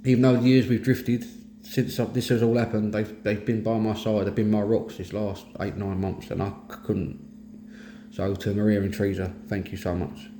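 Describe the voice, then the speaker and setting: A middle-aged man with a London Cockney accent speaks in a low, mellow voice, plain-spoken and earnest. The sound is echoey, as if recorded in a bare room, with a faint hiss underneath. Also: little pitch movement, normal speed. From East London, England. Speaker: host of a mental health talk. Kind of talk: candid personal monologue.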